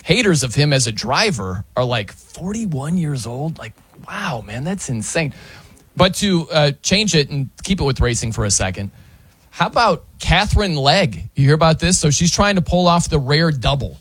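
A man hosting casual sports talk, animated and quick to laugh. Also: a little high, husky, no echo. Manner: animated, laughs often, slips into mock announcer voices.

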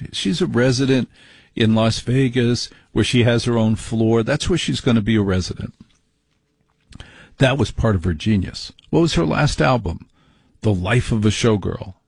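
Brash, husky-voiced man ranting. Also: mid-range voice, a little mellow, dry recording. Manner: brash, rambling, mock-exasperated. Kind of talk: opinionated monologue.

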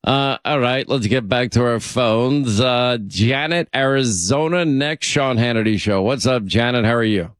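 A man's voice: medium pitch, a little slow, few pauses, no room sound. A man hosting a talk radio show, chatty and opinionated, bantering with his co-host and taking calls.

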